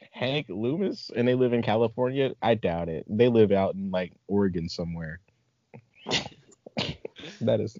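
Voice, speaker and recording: A man hosting a casual podcast chat, animated and laughing often. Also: mid-range voice, no room sound. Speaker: podcast host. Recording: dull lo-fi recording.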